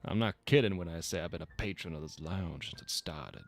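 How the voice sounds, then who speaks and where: A man's voice: sits low, brisk, soft background music. A man voicing an arrogant, rude male regular of a drinks lounge who bosses the server around with scorn. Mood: contemptuous. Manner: bossy, scornful, demanding.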